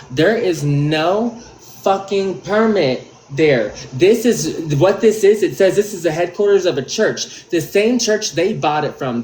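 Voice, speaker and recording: A man's voice: a little high, a little hiss or hum. Angry profane man ranting, echoey room. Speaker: livestream commentator. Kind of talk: livestream commentary. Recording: roomy echo.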